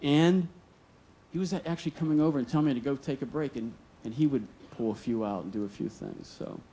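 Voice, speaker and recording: A man's voice: medium pitch, fast, dark tone, slight background noise. A man telling a personal story live on stage, earnest and vivid, acting out the dialogue. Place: stage at a museum storytelling event.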